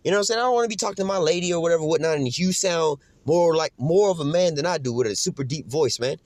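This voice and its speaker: A man's voice: on the high side, quick pace, a little mellow, no room sound. A man ranting casually in slang and profanity, rambling loosely and tagging his points with "man" and "you know what I'm saying.". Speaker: commentator.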